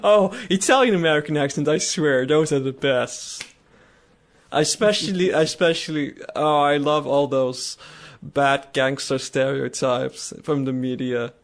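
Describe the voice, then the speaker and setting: A man's voice: on the high side, a little slow. A man co-hosting a casual podcast, rambling and laughing often as he talks. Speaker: podcast co-host. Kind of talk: casual chat.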